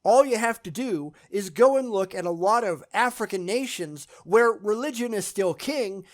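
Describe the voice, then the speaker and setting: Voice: mid-range voice, expressive, normal speed. A YouTube channel host answering viewer questions in a blunt, scornful, profane monologue with dismissive sarcasm.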